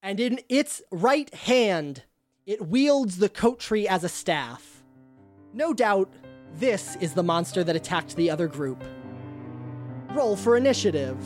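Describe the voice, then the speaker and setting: A woman's voice: mid-range voice, big pitch swings, takes it slowly, a little mellow, soft background music. A woman game master describing scenes for a tabletop game, with frequent ums.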